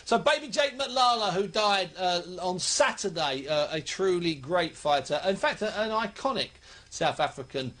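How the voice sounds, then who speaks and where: A man's voice: sits high, lively intonation, moderate pace, a bit bright. A man hosting a radio boxing show, chatty and emphatic as he reels off fight facts.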